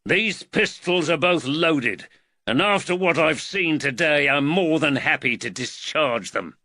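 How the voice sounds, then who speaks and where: A stern, protective father in an audiobook, put on by a male narrator. He gives orders with calm authority and a dry, wry edge, in a bright, lively voice. The sound is dry and close. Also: a little high, measured pace, dry recording, pitched above the performer's own voice, heavily acted. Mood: commanding. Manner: calm, commanding, dryly wry. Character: stern protective father, middle-aged man.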